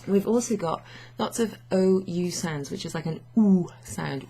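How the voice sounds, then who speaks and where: A young woman's medium-pitched, dark, husky voice moves at a moderate pace with hardly any pauses. She's teaching French in a casual, chatty lesson, mixing in English and laughing often, recorded at her home office standing desk.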